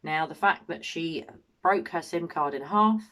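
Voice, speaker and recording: A woman's voice: sits low, unhurried, fairly bright tone. An English woman giving opinionated true crime commentary, indignant and full of rhetorical questions. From England. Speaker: true crime channel host.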